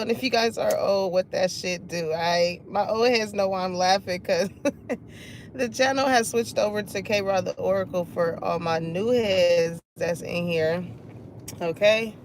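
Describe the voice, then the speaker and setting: A tarot reader gives a casual reading, laughing often, singing bits of songs and swearing casually. Her voice is medium-pitched, with slight background noise.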